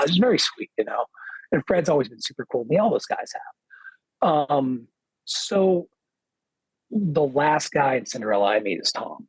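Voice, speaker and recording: A husky-voiced man tells a rambling, animated anecdote as a podcast guest. He has a mid-range voice and a dry, close sound, and he keeps slipping into quick impressions of the people in his story. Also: medium pitch, no room sound, poor audio. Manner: animated, quotes others with "he goes" and acts their lines; loose filler-heavy phrasing.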